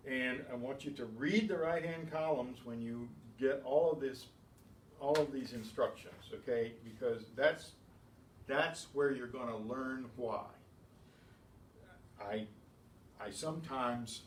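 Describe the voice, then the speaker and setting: At a measured pace, a medium-pitched male teacher walks beginners through Spanish rules methodically, with chatty asides along the way. An echoey room, distant mic, faint ambience and a little hiss or hum color the recording.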